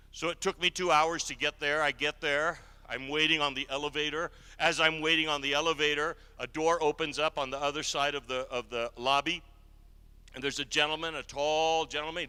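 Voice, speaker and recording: A man preaches to a congregation with a crisp, resonant voice that has a hard, bright edge. He tells his story with shifts between hushed and emphatic passages. His words trail into the long echo of a church hall. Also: on the high side. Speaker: guest preacher. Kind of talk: sermon storytelling.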